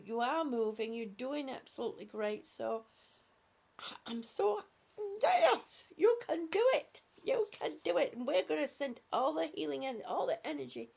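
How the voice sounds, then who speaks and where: A woman hosting a live stream, speaking softly and affectionately to her viewers with halting, repeated words. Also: a little high, creaky. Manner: soft, affectionate, calls viewers honey and sweetie. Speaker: livestream host reading viewer comments. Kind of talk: slow casual live chat.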